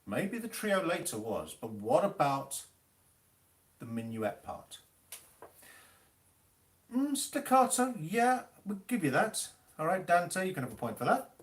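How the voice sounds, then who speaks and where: A male music teacher runs a live online quiz, slowly reading Italian terms aloud and ribbing players over their spelling and the rules. His voice is a little high and sing-song.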